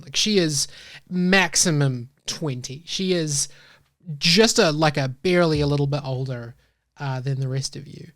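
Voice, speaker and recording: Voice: mid-range voice, a bit bright, dry recording, studio quality. A game master narrating a tabletop game in a loose, chatty way with many fillers.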